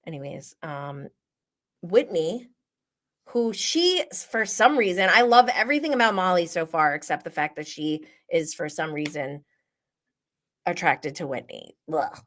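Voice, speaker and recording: A woman hosting a casual reality TV recap, gossipy and animated, often laughing. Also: fairly low pitch, unhurried. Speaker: host.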